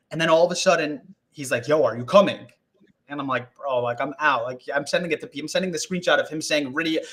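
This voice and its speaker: A young man with a slightly high voice tells a wild story over a video call. He talks in a loose, animated way, swears freely and acts out what people said. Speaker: guest. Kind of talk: casual storytelling on a live stream.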